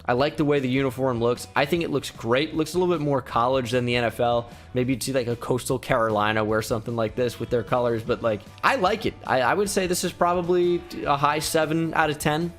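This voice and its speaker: A man's voice: medium pitch, fairly quick, few pauses. A young man giving casual, opinionated commentary on a video, with lots of fillers. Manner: relaxed, opinionated, many fillers. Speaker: gaming YouTuber. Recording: faint music behind.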